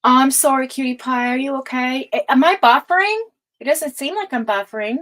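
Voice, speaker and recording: A woman's voice: high-pitched, brisk, fairly bright tone, low-quality recording. A woman hosting a live tarot reading, talking in a chatty, meandering way and calling viewers affectionate pet names. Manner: chatty and affectionate, calls viewers cutie pie; meandering, full of fillers and restarts. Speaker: tarot reader hosting a livestream.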